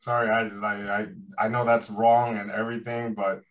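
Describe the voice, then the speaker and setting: A man's voice: fairly low pitch, flat delivery, moderate pace. A man co-hosting a podcast, joking in casual banter and mocking himself. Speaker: podcast co-host.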